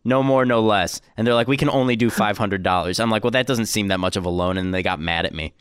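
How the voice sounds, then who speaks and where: A young man co-hosts a podcast, ranting and joking in animated, casual chat. His voice is lowish and fast, with a clean tone, no echo, and clean studio sound.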